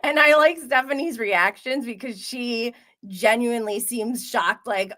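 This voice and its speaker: A woman's voice: mid-range voice, a little slow. Chatty woman host gossiping on a live stream. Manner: animated, gossipy, laughs often, reads chat aloud. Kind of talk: casual live-stream chat.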